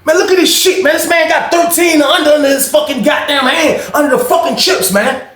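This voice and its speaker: A man voicing a furious male inmate who yells curses and threats at a cheat. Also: very high-pitched, a little fast, roomy sound, voice pushed up. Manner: shouting, cursing, threatening.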